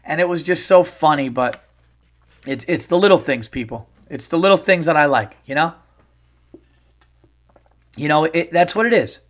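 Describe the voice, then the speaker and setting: A man hosting a podcast, telling a rambling, profane, animated story in casual talk, his voice worn from getting sick. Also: on the high side, moderate pace, pauses often. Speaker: podcast host. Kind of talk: casual comedic storytelling monologue.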